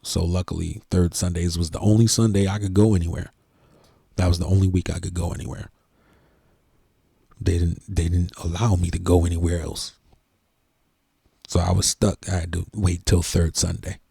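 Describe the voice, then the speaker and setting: A middle-aged church organist talking earnestly and emotionally to the camera, in a heartfelt, preachy way. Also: male voice, deep voice, level tone, normal speed, creaky, long pauses, warm tone, slightly rough, no room sound, clean studio sound. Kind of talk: heartfelt casual talk to camera.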